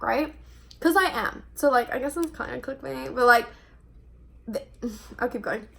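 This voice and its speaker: Young woman vlogger, high voice, chatty storytime delivery, heavy on "like". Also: gravelly, fairly bright tone. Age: young adult. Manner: chatty, fills every phrase with "like". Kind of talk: casual storytime monologue.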